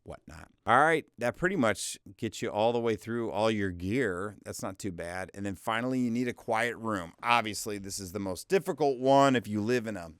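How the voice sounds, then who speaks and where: A man's voice: on the low side, expressive, normal speed, hardly any pauses, fairly bright tone, smooth, no room sound, studio quality. A man in his forties coaching voiceover work in a loose, chatty, self-deprecating way, his voice often cracking. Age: 40s. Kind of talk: casual instructional talk.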